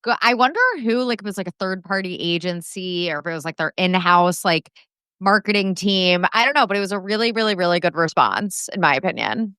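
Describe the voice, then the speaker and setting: A woman's voice: lowish voice, expressive, fairly quick, fairly bright tone, clear, resonant tone, no room sound, clean studio sound. A young woman co-hosting a podcast, chatting casually with lots of fillers and the odd swear word. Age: young adult. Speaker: podcast co-host. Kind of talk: casual pop culture chat.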